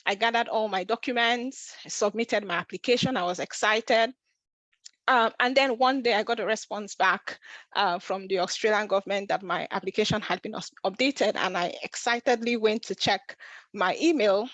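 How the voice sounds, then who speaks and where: A woman's voice: mid-range voice, normal speed, fairly bright tone, dry recording. A woman tells a personal story in an earnest, emotional way. She often trips over and restarts her sentences. Her voice sits mid-range, and the recording is dry. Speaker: vlogger.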